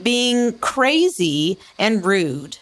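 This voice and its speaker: Lively, blunt woman podcaster. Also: very slow, a little hiss or hum. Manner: opinionated, blunt, retells scenes with lively swings in pitch. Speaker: podcast co-host. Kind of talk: casual chat.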